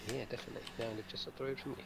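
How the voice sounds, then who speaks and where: A man's voice: mid-range voice, fairly even intonation, racing, vocal fry, a little hiss or hum. A man from Dorset with a southern English accent, chatting casually with a friend in short, easygoing replies. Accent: southern English, Dorset at times. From Dorset, England. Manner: laid-back, brief replies, chuckles along. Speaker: friend of the host. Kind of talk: casual chat.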